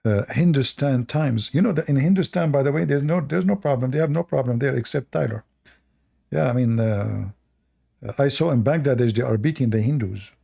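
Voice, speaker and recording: A man's voice: mid-range voice, fairly quick, vocal fry, warm tone. A man from the Middle East hosting casual commentary, rambling bluntly and crudely with many fillers and restarts. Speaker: host.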